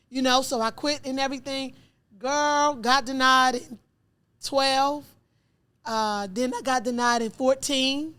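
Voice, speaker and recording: A middle-aged woman telling her own story in an interview, acting out dialogue with lively jumps in voice. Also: unhurried, smooth. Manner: animated, acts out dialogue with rising pitch.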